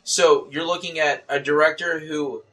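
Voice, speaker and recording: Male podcast host, bright tone, stop-start casual delivery. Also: on the high side, steady tone. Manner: halting, restarts sentences often. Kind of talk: casual chat.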